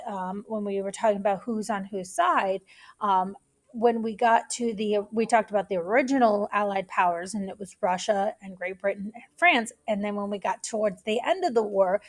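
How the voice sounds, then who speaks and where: A woman's voice: medium pitch, a little mellow. A middle-aged woman teacher giving a casual recorded history lecture to students, chatty and loose, with many fillers and asides.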